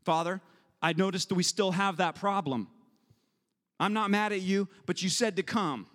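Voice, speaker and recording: A man preaches with a high, ringing voice, acting out prayers and little voices as he teaches. His words hang in a long hall reverb, as in a large church. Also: normal speed, a bit bright. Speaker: pastor. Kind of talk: sermon.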